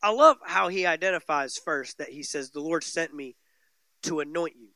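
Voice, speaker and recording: Emphatic preacher man, bright and high. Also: moderate pace, dry recording. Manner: emphatic preaching, repeating phrases with rising and falling intensity. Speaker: pastor. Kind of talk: sermon.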